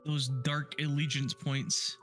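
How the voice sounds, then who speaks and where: A man's voice: a little high, flat delivery, takes it slowly, fairly bright tone, faint music behind. A man chatting casually as a player in a tabletop game, thinking aloud and swearing now and then.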